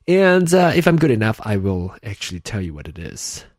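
A man's voice: lowish voice, big pitch swings, a little fast, no echo, studio quality. A man from Malaysia with a Malaysian English accent, slightly British, hosting a casual solo podcast and rambling with many restarts. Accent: Malaysian English with a slight British touch. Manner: rambling, chatty, many restarts and self-corrections. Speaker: podcast host.

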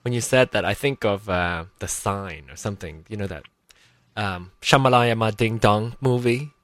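A man's voice: fairly low pitch, moderate pace, fairly bright tone, no echo. A man hosting a live podcast show, chatty and jokey, easily distracted. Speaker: podcast host.

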